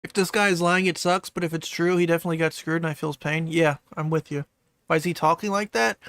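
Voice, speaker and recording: Laid-back gravelly male streamer. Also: fairly high pitch, steady tone, quick pace, fairly bright tone, no room sound. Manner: laid-back, reads chat questions aloud. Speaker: streamer reacting to a video. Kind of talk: casual live-stream commentary.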